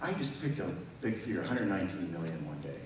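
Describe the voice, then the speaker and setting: A man's voice: deep voice, big pitch swings, fast, a crowd in the background. A man preaching a testimony sermon at a church service, emphatic and conversational, often asking the audience questions. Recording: very echoey hall, mic far off.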